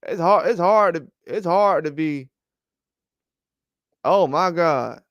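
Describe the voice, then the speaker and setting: Male boxing host, high smooth voice, dry close sound, loose rambling trash talk. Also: takes it slowly, dry recording, highs cut off. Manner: animated, rambling trash talk with frequent laughs. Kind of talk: casual boxing commentary livestream.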